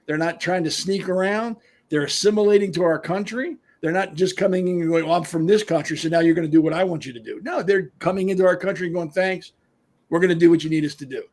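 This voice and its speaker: Husky high-voiced man, blunt. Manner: blunt, emphatic. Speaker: co-host. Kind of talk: opinionated panel talk.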